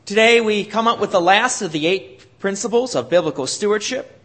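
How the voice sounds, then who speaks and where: A man's voice: sits high, normal speed, fairly bright tone. A man preaching a sermon as pastor, leaning hard on key words and swinging his emphasis for effect.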